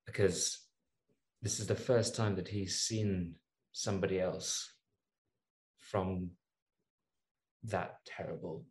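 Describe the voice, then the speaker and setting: A man playing a tabletop game, thoughtfully describing his character's feelings with pauses and fillers. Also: low voice, fairly even intonation, a little mellow, reverberant. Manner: slow, thoughtful, hesitant with fillers. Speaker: player.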